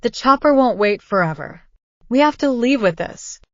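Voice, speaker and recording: A woman's voice: a little high, lively intonation, normal speed, fairly bright tone, no echo, highs cut off. A woman voicing a scheming, cruel husband in a story reading, with a sneering manner.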